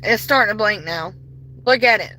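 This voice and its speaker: A woman livestreaming a ghost investigation from her car on a phone, politely addressing spirits and bursting into excitement. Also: medium pitch, normal speed, slight background noise, low-quality recording. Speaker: paranormal livestreamer. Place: inside a car.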